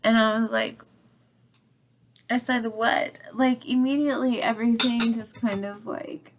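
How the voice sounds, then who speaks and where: A woman's voice: fairly high pitch, fairly even intonation, unhurried, noisy background. A young woman rambling through a personal story, packed with "like", swearing freely and sometimes dropping almost to a whisper. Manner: rambling, lots of "like", swears freely, drops to near-whispers at times. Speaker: channel host telling a story. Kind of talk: casual storytelling vlog.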